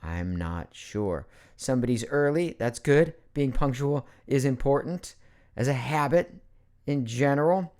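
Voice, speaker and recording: A man's voice: medium pitch, animated, measured pace, darkish tone. Middle-aged male voice actor, casual livestream host at his home computer, playful and rambling. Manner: chatty and playful, jumps between topics. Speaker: voice actor hosting a live Q&A. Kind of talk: casual live-stream chat.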